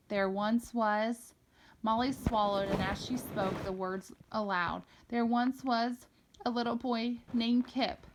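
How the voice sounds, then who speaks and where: A woman reads a novel aloud in a steady, expressive storytelling voice. She carries the narration at an even pitch, neither high nor low. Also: a little hiss or hum. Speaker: reader.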